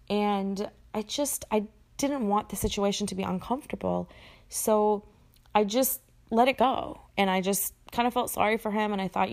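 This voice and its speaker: A woman's voice: medium pitch, moderate pace, a little mellow. A woman recounting a personal story in a casual, conversational way, with frequent fillers and self-corrections.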